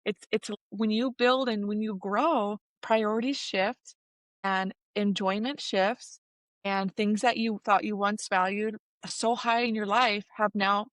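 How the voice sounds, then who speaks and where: A woman in her thirties, a softball coach and player, talking earnestly about motherhood in an interview. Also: medium pitch, fairly even intonation, slow, no echo. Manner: earnest and reflective, with restarts. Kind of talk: casual interview chat.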